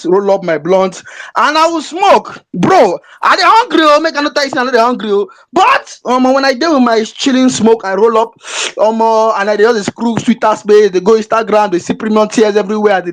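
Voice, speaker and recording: A speaker with a Nigerian accent, ranting on a live audio chat in a mocking, fiery way that slips into Pidgin and breaks into shouts. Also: medium pitch, low-quality recording. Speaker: caller.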